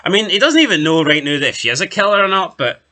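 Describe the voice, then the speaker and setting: Co-hosting a TV review podcast, this man recaps an episode in casual chat, full of jokes and asides as he summarizes the plot. His high-pitched voice is very animated, quick, bright and forceful.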